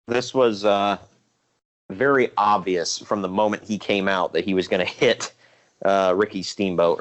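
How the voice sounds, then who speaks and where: A man co-hosting a podcast, casually recapping old wrestling shows in a rambling, relaxed way with fillers. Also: fairly low pitch. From Ohio. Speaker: podcast co-host.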